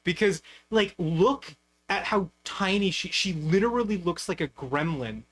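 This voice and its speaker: A man's voice: high-pitched, lively intonation, a little slow. A young man hosting a casual stream chat about anime, rambling with fillers, restarts and the odd swear. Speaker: streamer host.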